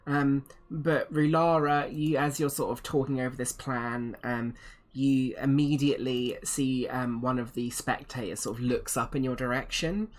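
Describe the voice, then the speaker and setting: A man narrating as game master of a tabletop game, calm and measured. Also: mid-range voice.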